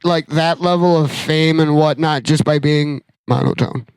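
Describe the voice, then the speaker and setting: A man co-hosting a casual podcast, trading wry, deadpan quips and swearing casually. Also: a little high, measured pace, clear, resonant tone, no room sound. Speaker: podcast co-host. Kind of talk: casual chat.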